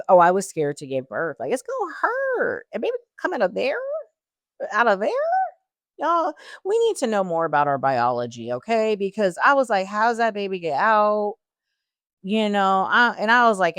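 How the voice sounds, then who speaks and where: A woman's voice: on the low side, clean tone, no echo. A woman in her forties chatting casually as she tells her life story, talking straight to listeners and wandering off on tangents. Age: 40s. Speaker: guest sharing her story.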